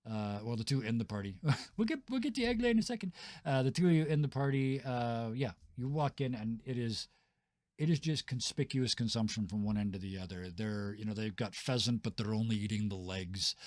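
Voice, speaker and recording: A man's voice: on the low side, dry recording. Laid-back man narrating a tabletop game. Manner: laid-back, chuckling, filler-heavy. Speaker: game master.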